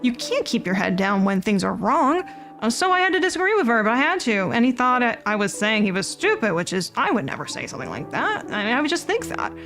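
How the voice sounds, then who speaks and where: A woman's voice: fairly high pitch, big pitch swings, brisk, a bit bright. A woman voicing an anxious, earnest young man who rambles as he pours out his worries. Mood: frustrated.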